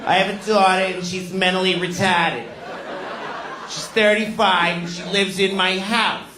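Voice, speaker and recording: A man voicing a blunt, crude older female schoolteacher, speaking loudly and matter-of-factly. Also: high-pitched, little pitch movement, unhurried, pitched above the performer's own voice. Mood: blunt lecturing. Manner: loud, crude, matter-of-fact. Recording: echoey room with audience noise.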